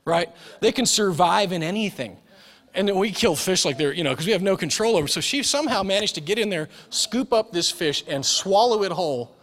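A man's voice: high-pitched, expressive, brisk, fairly bright tone. A man in his forties preaching a sermon as pastor, telling stories with humor and acting out the voices in them. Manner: storytelling with humor, acts out quoted voices. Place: church sanctuary. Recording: long reverb of a large church hall.

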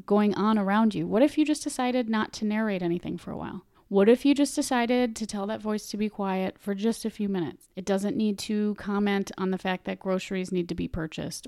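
A woman's voice: mid-range voice, a little mellow, dry recording. Earnest chatty woman, dry close sound. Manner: earnest, chatty, frequent restarts and repeated words. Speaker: meditation vlogger. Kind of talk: casual explanatory talk.

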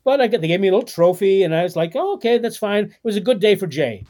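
High-voiced older man telling stories. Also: rapid-fire. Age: 60s. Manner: animated storyteller with frequent fillers. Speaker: guest author. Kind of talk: podcast interview storytelling.

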